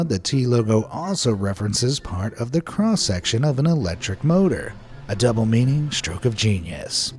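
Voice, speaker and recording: A man's voice: mid-range voice, darkish tone. A man narrating a scripted video, with playful, wry asides.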